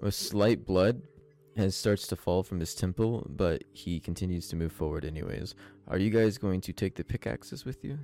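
A man with a very low voice narrates a tabletop adventure as game master. He keeps it casual and swears now and then. Faint music plays behind him. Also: normal speed, vocal fry, mellow.

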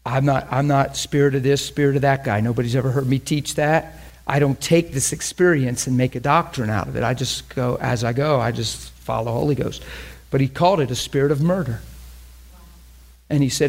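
A man's voice: medium pitch, brisk. A man preaching in a conversational, emphatic way, often repeating phrases as he teaches. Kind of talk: sermon teaching.

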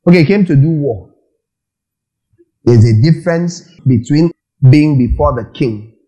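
Male pastor, lively preaching, mellow slightly high voice. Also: measured pace, poor audio. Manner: lively preaching with questions and acted-out quotes. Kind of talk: sermon.

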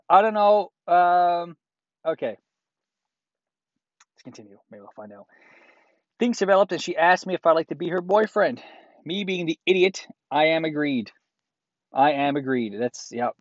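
A man's voice: fairly high pitch, no room sound, highs cut off. A man reads a listener's letter aloud and breaks in with crude, profane, sarcastic comments. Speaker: host reading a listener's letter.

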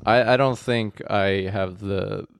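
Low-voiced young man, laughing banter. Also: fairly even intonation, gravelly, clean tone. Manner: laughs often, quick agreeing interjections. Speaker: podcast co-host. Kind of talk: casual crude comedy banter.

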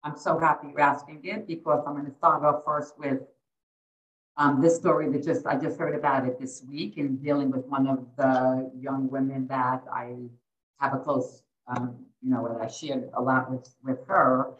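A woman's voice: a bass voice, little pitch movement, normal speed. A middle-aged woman and dating coach, telling heartfelt stories in a podcast interview and sprinkling in Yiddish and Hebrew terms. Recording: echoey, distant, dull lo-fi audio.

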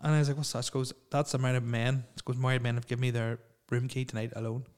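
A man's voice: medium pitch, level tone, rapid-fire, darkish tone, clear, resonant tone. A young man, co-hosting a casual chat with rambling, crude and laughing banter. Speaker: podcast co-host.

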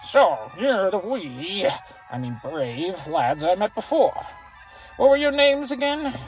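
A player voicing a pompous old lord from a fantasy game, with a deliberately bad mock burr and slow, drawn-out phrasing. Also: medium pitch, darkish tone, soft background music, close to an everyday voice.

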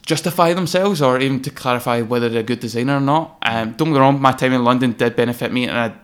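Talking fast in a clear, resonant, medium-pitched voice, a Scottish designer guests on a podcast. His casual interview storytelling is candid and peppered with swearing, and he becomes animated as he relives moments.

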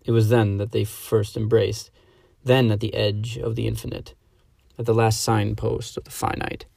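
Male narrator for a dramatic story reading, heavy vocal fry, dry close sound, measured and hushed. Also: fairly low pitch, flat delivery, no echo.

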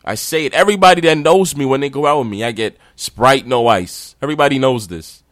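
A man hosting a podcast launches into a casual, slangy rant. His voice sits at a middle pitch and sounds close and dry, with almost no room behind it. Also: a little fast, no echo. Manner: animated, ranting, slangy. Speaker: podcast host.

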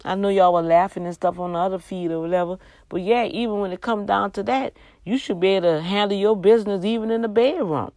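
A livestream host leads a casual faith talk, earnest and preacherly, exhorting with drawn-out emphasis even as she yawns from mild tiredness. Her mid-range voice is slightly mellow with fairly even intonation, and there's no echo.

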